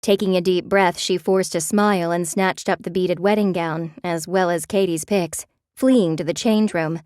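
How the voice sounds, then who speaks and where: A woman narrating a romance audiobook in a measured, expressive way. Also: fairly low pitch, no room sound, studio quality.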